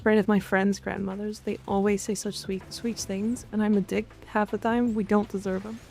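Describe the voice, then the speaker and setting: Gravelly-voiced woman streamer from Canada. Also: medium pitch, level tone, brisk, darkish tone. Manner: frank, profane, joking. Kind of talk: casual chat reading and answering chat.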